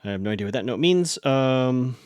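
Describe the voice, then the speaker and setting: A man's voice: medium pitch, animated, a little fast, darkish tone, clean tone, no room sound. A man hosting a podcast, recapping a TV episode in a chatty, rambling way and often correcting himself. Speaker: podcast host.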